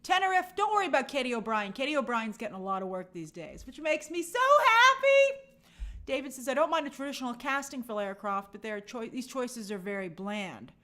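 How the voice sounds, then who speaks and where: A woman's voice: fairly high pitch, very animated, brisk, pushed and bright. A woman hosting a live movie news stream, chatting and reading viewer comments with frequent restarts and opinionated asides.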